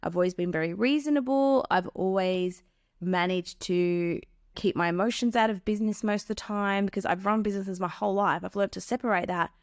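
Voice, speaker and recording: A woman's voice: medium pitch, a little fast, no echo. Earnest woman giving advice, dry sound. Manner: earnest, explains with acted-out examples. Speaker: podcast host giving relationship advice. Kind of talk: solo advice talk.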